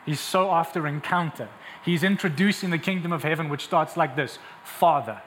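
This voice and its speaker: At a moderate pace, a young pastor gives a sermon, his high voice carrying a bright edge. He moves between laid-back chatter and emphatic, rising exhortations, and the sound rings out in a long hall reverb with faint hiss underneath.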